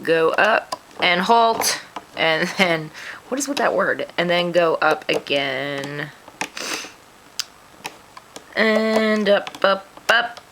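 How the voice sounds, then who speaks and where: A woman's voice: lowish voice, animated, very slow, long pauses, a bit bright, a little hiss or hum, poor audio. A woman hosting a craft tutorial, walking through each step in a chatty, self-deprecating way while sniffling. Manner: chatty, self-deprecating, talks through her hands-on work.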